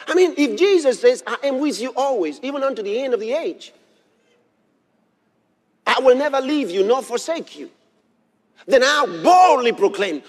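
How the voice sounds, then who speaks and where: A man preaching a sermon, reading scripture aloud and repeating key phrases with emphasis, sometimes bursting into shouts. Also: extremely high pitch, sing-song, moderate pace, pauses often. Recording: long hall reverb.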